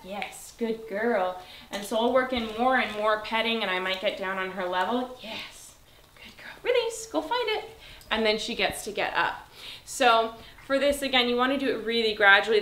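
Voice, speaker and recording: A woman dog trainer giving a calm, step-by-step demonstration and praising the dog. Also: mid-range voice. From Southern California. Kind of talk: instructional demonstration. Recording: echoey room.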